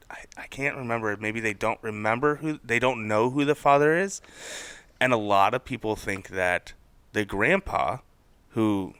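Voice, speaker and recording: Young male podcast co-host, bright tense voice, dry close sound, animated storyteller. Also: clean tone, no echo. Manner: animated, jumps high when quoting others. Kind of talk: casual chat.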